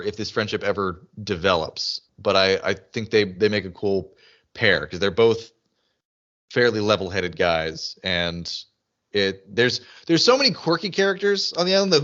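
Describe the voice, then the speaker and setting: A man co-hosting a podcast in casual chat, animated and often mimicking characters in high excited voices. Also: dull audio. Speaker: podcast co-host.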